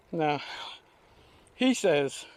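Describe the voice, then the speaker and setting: An older man telling rambling, folksy anecdotes in homespun speech while out on a trike ride. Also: fairly high pitch. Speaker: vlogger. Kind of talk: casual storytelling while riding. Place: outdoors on a recumbent trike ride.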